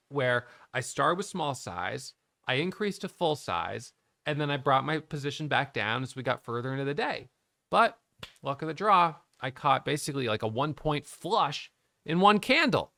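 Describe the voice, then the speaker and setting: A man's voice: medium pitch, creaky, sharp tone, no echo, clean studio sound. A middle-aged man, a day trading educator, candidly thinking aloud about his trades, questioning himself and restarting sentences. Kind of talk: reflective trading recap to camera.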